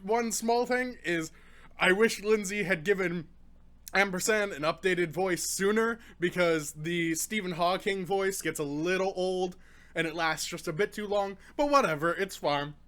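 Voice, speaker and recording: A man's voice: high-pitched, a little slow, fairly bright tone. A young man giving a casual book review while in pain from a hot pepper, rambling, groaning and swearing between his points.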